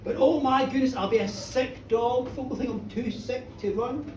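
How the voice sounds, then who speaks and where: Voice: medium pitch, moderate pace, a little mellow, reverberant, a little hiss or hum, voice pushed down, close to an everyday voice. Coaxing shapeshifting boy as a storyteller puts him on, live bar sound, distant. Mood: scheming. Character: cheeky shapeshifting peasant boy.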